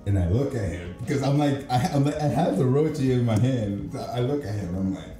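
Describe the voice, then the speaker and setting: A man's voice: mid-range voice, lively intonation, fairly quick, mellow. A man telling a casual story, laughing often and acting out the lines of the people in it. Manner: laughs through stories, acts out cops' lines. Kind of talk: casual chat. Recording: echoey room with music behind.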